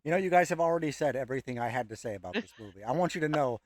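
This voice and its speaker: A man's voice: mid-range voice, expressive, racing, no echo. A man leading a casual group chat on a live stream and moving it from one movie to the next. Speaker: tier list host.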